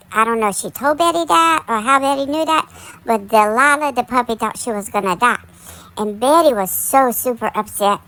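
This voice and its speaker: A woman tells gossip in a loose, rambling way, full of "like" and "y'all." Her voice sits a little high and sounds bright and forward. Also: poor audio. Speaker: commentary channel host. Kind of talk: casual gossip commentary.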